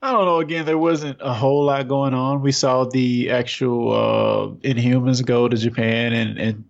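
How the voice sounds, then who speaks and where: Gravelly-voiced male co-host, hesitant casual chat, dull lo-fi recording. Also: medium pitch. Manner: hesitant, repeats words, chuckles often. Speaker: podcast co-host.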